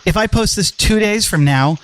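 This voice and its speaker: A man's voice: sits high, animated, moderate pace, a little hiss or hum. A man hosting a casual podcast, rambling through his intro with lots of fillers and self-mocking asides. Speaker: podcast host.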